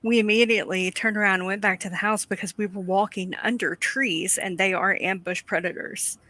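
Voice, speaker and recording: A woman with a bright, crisp voice chatting casually with a friend. She tells expressive stories and laughs at her own punchlines. The sound is close and dry, with no room around her. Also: mid-range voice, fairly quick, no echo. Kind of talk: casual chat.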